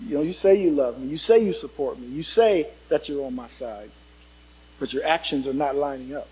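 A man preaching a sermon, turning dramatic as he swings from loud emphasis to hushed tones and puts questions to the congregation. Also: mid-range voice, brisk, slightly rough, poor audio.

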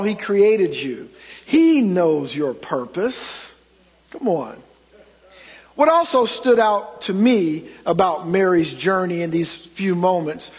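A middle-aged man delivers a storytelling sermon in a high, slightly husky voice. He swings from loud emphatic lines to hushed asides. A long reverb from the church hall trails after his words. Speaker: pastor.

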